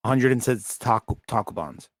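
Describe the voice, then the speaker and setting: A man co-hosts a casual podcast, ranting bluntly and swearing freely. His voice sits at a middling pitch. The sound is dry and close. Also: expressive, normal speed, no echo. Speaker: podcast co-host. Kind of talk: casual chat.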